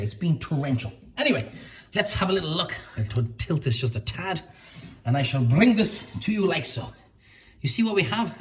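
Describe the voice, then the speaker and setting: A man's voice: a little high, fairly bright tone, a little hiss or hum. An Irish man hosting a casual cooking demonstration in his kitchen, chatty and playful, repeating words in a sing-song way. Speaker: cooking show host.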